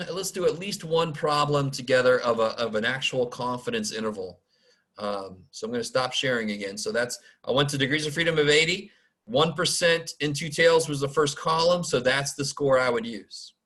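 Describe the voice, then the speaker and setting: A man's voice: medium pitch, normal speed, a bit bright. Casual man teaching stats over video call. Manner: informal, self-deprecating, mutters asides and mild curses. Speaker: math instructor. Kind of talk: casual online lecture. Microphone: video call mic.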